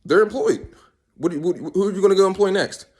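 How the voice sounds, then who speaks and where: A man rambling in a casual comic monologue, swearing and arguing with himself in quick back-and-forth. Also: sits high, darkish tone. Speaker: vlogger.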